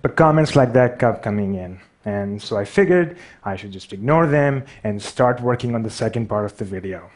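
A man's voice: lowish voice, animated, normal speed, hardly any pauses, darkish tone. A man with a Pakistani accent giving a wry, self-deprecating storytelling talk on stage. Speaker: speaker.

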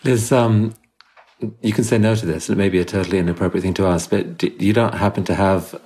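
A man's voice: deep voice, fairly even intonation, fast, mellow. A man hosting an interview, asking questions in a tentative, polite way. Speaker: host.

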